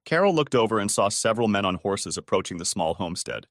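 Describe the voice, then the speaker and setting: A man narrating a dramatic story audiobook in an expressive storytelling manner, dropping low on dialogue tags. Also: fast, dry recording, studio quality. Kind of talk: scripted narration.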